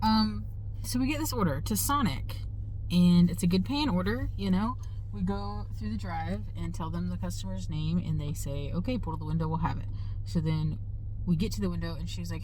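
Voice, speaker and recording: A woman with a slightly low, mellow voice tells a rambling, exasperated story of a bad delivery shift. She talks casually to her viewers with plenty of "um" and "like". A faint car hum sits behind her. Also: brisk, rough recording. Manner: frustrated, rambling storytelling with fillers. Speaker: delivery driver vlogger. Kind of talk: casual vlog talk to camera.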